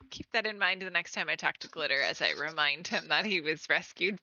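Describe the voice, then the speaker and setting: Woman GM voicing a dry, sarcastic sorceress; bright, slow, lively pitch. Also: no echo, exaggerated voice. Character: sarcastic female mage in ornate robes. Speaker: game master. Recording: slightly muffled, dry stream audio.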